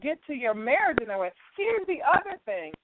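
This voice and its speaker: A woman's voice: high voice, very animated, fairly quick. A woman hosting an advice radio show, lecturing listeners emphatically and often saying "right.". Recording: tinny phone-like radio line with hiss.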